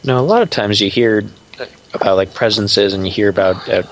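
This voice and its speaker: A man co-hosting a casual podcast, relaxed and joking, with some fillers. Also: lowish voice, brisk, a little hiss or hum. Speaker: co-host.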